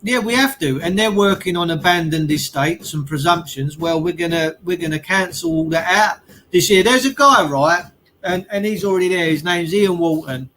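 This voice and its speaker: A man's voice: sits high, normal speed, a bit bright, a little hiss or hum, poor audio. A man, talking in an earnest, emphatic way in a casual chat and repeating his key phrases.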